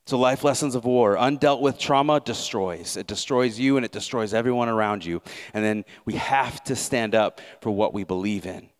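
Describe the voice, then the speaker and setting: A man's voice: medium pitch, moderate pace. A man preaching a sermon as pastor, earnest and repeating words as he builds each point.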